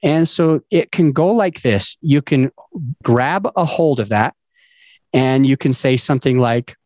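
A man's voice: mid-range voice, animated, unhurried, darkish tone, no room sound. A man hosting a podcast, giving casual advice in a loose, conversational way with fillers and restarts. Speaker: podcast host.

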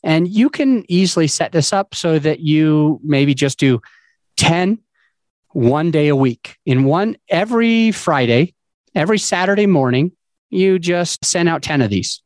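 A man's voice: fairly high pitch, lively intonation, a little slow, a little mellow, no echo. A man hosting a podcast, giving casual advice in a loose, conversational way with fillers and restarts. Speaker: podcast host.

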